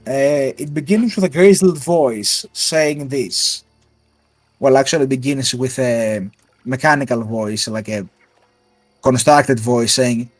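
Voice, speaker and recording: A man's voice: medium pitch, a little slow, dry recording, faint music behind. A man narrating a tabletop role-playing game as game master, descriptive with fillers and asides.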